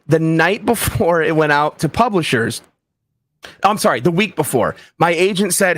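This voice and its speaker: A man chatting casually as an interview guest, telling anecdotes with lively acted-out quotes. His voice sits a little high for a man. The sound is dry and close. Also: moderate pace, dry recording. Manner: animated storyteller, acts out quoted voices. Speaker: author and book site founder, guest.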